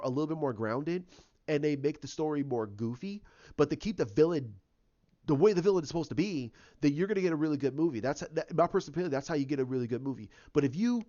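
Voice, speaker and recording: Male vlogger, fairly high voice, opinionated rant, dull lo-fi sound. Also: darkish tone. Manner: opinionated, ranting. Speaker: YouTuber. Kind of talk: casual opinion vlog. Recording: dull lo-fi recording.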